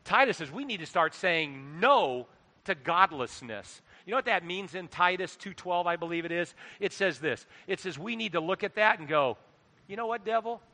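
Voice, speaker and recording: Animated preacher man, bright voice, echoing hall. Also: high voice, moderate pace. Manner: animated, storytelling, shifts from quiet asides to loud exhortation. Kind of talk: sermon. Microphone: microphone. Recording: long hall reverb.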